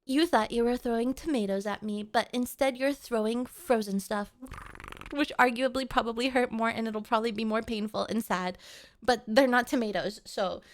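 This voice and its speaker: A woman's voice: a little high, moderate pace. A woman streamer chatting casually with her live chat, playful and melodramatic, often pleading with viewers.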